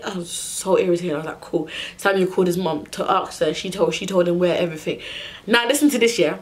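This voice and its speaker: A woman's voice: on the low side, fast. Exasperated young woman ranting. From United Kingdom. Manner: exasperated, animated retelling with acted-out dialogue. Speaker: vlogger. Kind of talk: storytime rant.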